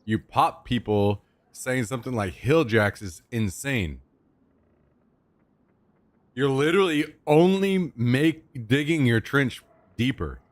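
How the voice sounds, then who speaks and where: A man's voice: medium pitch, lively intonation, takes it slowly, no room sound. A young man streaming from home into a desk microphone, in a loose, joking manner that swears casually and chats with his viewers. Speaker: livestreamer. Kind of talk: casual live-stream chat.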